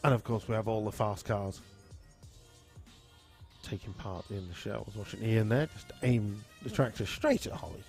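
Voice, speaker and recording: An easygoing man in his forties chats his way through a live stream, rambling between stories and viewer shout-outs. Faint music plays softly behind him. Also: fairly low pitch, normal speed. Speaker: live-stream host at a drag racing venue. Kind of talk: casual live-stream chat reading viewer comments.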